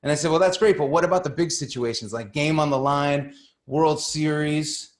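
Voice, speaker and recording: A man's voice: on the high side, fairly even intonation, normal speed. Guy coach telling a story on a call, earnest, trips over starts, echoey room. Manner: earnest, repeats words when starting a thought. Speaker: guest coach.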